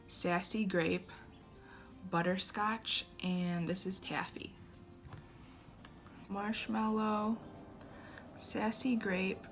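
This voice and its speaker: A woman's voice: mid-range voice, gravelly. A young woman chatting casually through a makeup review, hesitant, with many fillers and restarts. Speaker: beauty vlogger.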